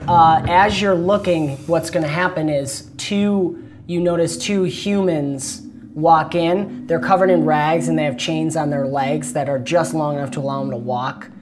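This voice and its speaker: Low-voiced woman game master. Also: steady tone, measured pace, background noise. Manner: descriptive, laughs often, loose restarts. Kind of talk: narrating a tabletop game.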